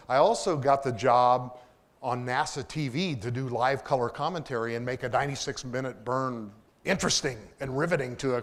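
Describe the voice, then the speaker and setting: Enthusiastic man lecturing with jokes. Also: medium pitch. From Kansas. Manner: enthusiastic, self-deprecating humor. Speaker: propulsion engineer giving a public lecture. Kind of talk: lecture with anecdotes. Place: lecture hall.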